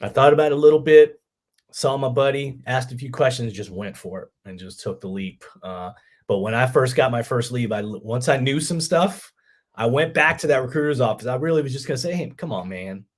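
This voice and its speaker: A man's voice: medium pitch, a little fast. A middle-aged army veteran telling his story casually in an interview, peppering it with "man" and acting out what others said. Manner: animated, acts out quoted voices, lots of "man". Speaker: podcast guest, army veteran.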